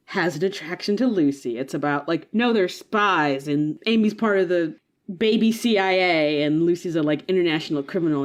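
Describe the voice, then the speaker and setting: A woman with a low voice chats casually as a podcast co-host. She talks in an animated, enthusiastic way, laughing often and leaning on filler words. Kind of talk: casual chat.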